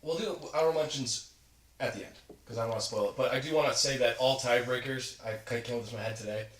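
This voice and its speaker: A man's voice: mid-range voice, far from the mic. A young man co-hosting a podcast, chatting casually and rambling as he explains. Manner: rapid, rambling, self-interrupting. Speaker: podcast co-host. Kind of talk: casual movie review chat. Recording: roomy, set back from the mic.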